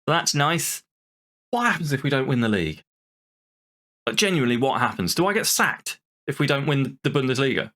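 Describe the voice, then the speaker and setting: A man's voice: mid-range voice, very animated, normal speed, sharp tone. A man hosting a gaming channel, giving exasperated, sweary commentary over a football management game. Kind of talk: let's-play commentary.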